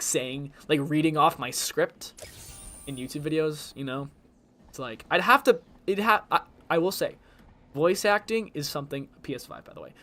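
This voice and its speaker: A man's voice: a little high, fairly bright tone. A young man rambling casually while streaming a game, with lots of fillers. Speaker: gaming streamer. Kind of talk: casual chat while gaming.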